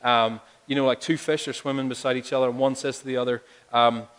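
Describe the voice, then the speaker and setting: A man's voice: mid-range voice, little pitch movement, fast talker, a bit bright. A male pastor preaching a sermon, talking conversationally and building to emphatic appeals. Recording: long hall reverb.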